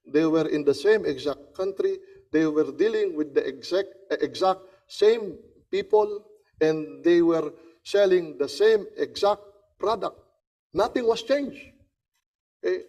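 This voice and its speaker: A man's voice: on the high side, mellow. A man preaching a sermon, telling a story and repeating key phrases for emphasis. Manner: storytelling, acts out the characters' voices.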